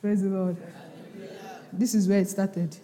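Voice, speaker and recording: A woman pastor preaching a sermon, acting out the scripture's voices with sudden shouts and laughter. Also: mid-range voice, unhurried. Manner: animated, acts out quotes with sudden shouts and laughter. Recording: long hall reverb.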